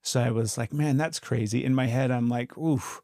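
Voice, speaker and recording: A man in his forties, a podcast co-host and former cop, telling a story in a relaxed, plain-spoken way. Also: mid-range voice, moderate pace, dry recording, clean studio sound. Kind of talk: casual chat.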